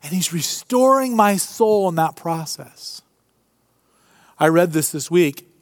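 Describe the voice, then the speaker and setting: Animated, higher-voiced male pastor preaching. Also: slow, no echo. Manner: animated, humorous, conversational preaching. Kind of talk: sermon. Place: church before a live congregation.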